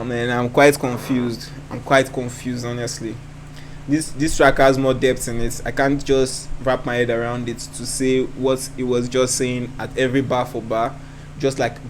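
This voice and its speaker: A man hosting a reaction video, breaking down rap lyrics in a thoughtful way and often repeating himself as he thinks aloud. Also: medium pitch.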